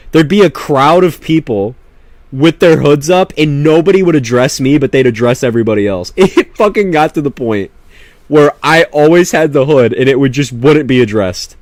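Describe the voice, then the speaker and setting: A young man telling a rambling, profane story in a casual, animated way, with many restarts. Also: a little high, no room sound. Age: young adult. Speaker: vlogger.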